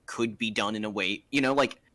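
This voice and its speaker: A man's voice: fairly low pitch, fairly quick, sharp tone, no room sound. A man chatting casually on a group game stream, rambling and restarting as he searches for words. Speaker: streamer playing a game with friends. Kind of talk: casual chat.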